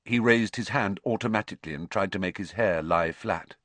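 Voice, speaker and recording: A man's voice: fairly low pitch, fairly quick, a bit bright, no echo. A man narrating an audiobook expressively and switching into voices for the characters.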